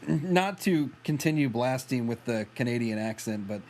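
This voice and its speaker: A man's voice: medium pitch, animated, normal speed, darkish tone. A man co-hosting a podcast, chiming in with short, wry remarks while chatting about a film. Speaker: podcast co-host. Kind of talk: casual chat reviewing a film.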